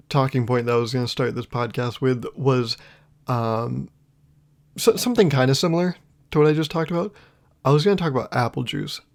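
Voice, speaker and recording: A man's voice: medium pitch, a little mellow. A young man hosting a solo podcast, rambling through a casual comedic monologue and laughing at his own jokes. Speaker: podcast host.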